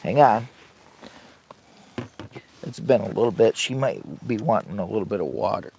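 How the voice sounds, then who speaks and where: A low, gravelly-voiced older man hosts a casual camping livestream from inside a heated tent. He rambles in a folksy, easygoing way, chatting with viewers between sips of coffee. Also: animated, moderate pace, darkish tone, slight background noise. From Michigan. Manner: rambling, folksy, talks to chat and his dog. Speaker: camping channel host.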